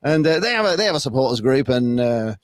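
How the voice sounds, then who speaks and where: A man appearing as a podcast guest, talking football in a rambling, animated way and laughing often. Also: medium pitch, quick pace, no room sound, studio quality. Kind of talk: casual football chat.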